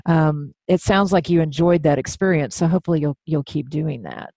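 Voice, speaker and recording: A woman's voice: low voice, moderate pace, vocal fry, mellow, dry recording. A woman hosting a radio show, chatting with a guest in an affirming, enthusiastic way. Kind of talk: casual interview chat.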